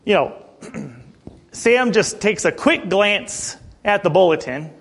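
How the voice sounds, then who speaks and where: High-voiced pastor, chatty and throat-clearing. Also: male voice, animated, takes it slowly, fairly bright tone. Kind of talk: sermon.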